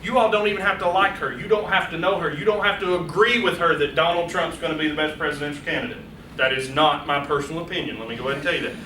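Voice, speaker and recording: Animated man lecturing in an echoey room. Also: sits high, far from the mic, slight background noise. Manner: animated, playful, talks straight to the audience. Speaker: public speaking presenter. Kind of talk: live workshop lecture. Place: meeting room with a small audience.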